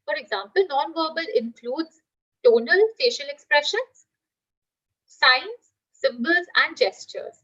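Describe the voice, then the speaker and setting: A woman's voice: sits high, expressive, takes it slowly, long pauses, bright, forceful tone, dull audio. A woman teacher giving a live online class, explaining with everyday examples and asking the class questions.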